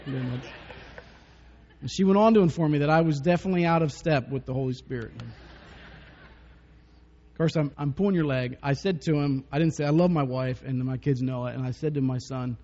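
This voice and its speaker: Man, pastor, sermon, conversational, joking, slightly high voice, long hall reverb, muffled sound. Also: brisk, mellow, slight background noise. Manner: conversational and joking, with frequent chuckles. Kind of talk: sermon with personal stories.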